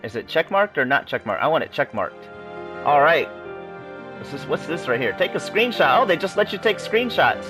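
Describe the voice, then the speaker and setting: A young man hosts a let's play, chatting casually as he plays, reading game text aloud and laughing at himself. His voice is on the high side and sing-song at a normal speed, heard over music in poor audio.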